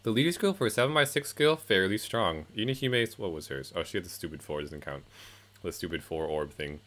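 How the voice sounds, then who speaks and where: Deep bright-toned man rambling about a game. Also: a little fast. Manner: rambling, many fillers and self-corrections. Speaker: game reviewer. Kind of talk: casual commentary. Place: home, music playing behind.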